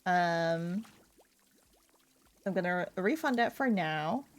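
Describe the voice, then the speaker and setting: A woman's voice: on the low side, animated, slow pace. A woman from Europe chatting casually on a gaming stream, telling rambling stories with lots of fillers and giggles. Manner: rambling, filler-heavy storytelling with frequent giggles.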